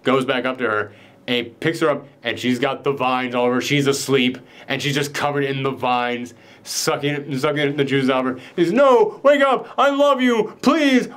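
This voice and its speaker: A young man with a mid-range, slightly bright voice chats loosely with a friend about a film's ending, spoiling it as he goes. He swears now and then and slips into quoted lines in his everyday voice while retelling scenes.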